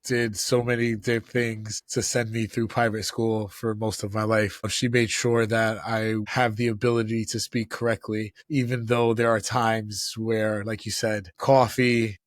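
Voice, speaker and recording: A man's voice: lowish voice, flat delivery, a little slow, few pauses, dry recording. A man with a Brooklyn accent, a real estate agent co-hosting a casual podcast in a playful, laid-back way. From Brooklyn, New York.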